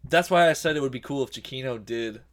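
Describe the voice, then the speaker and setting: A young man co-hosting a podcast in casual chat, excitable, often saying dude and like. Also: mid-range voice, fast. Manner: excitable, says "dude" and "like" a lot. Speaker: podcast co-host.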